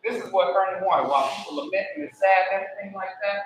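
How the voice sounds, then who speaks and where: A man with a bright, fairly high voice delivers a eulogy at a memorial service. He tells lively, animated stories and slips into imitations of the deceased. The sound is distant and echoey, with faint ambient noise. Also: very fast. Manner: animated, laughing, mimics the deceased. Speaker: eulogy speaker. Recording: echoey hall, voice from far off.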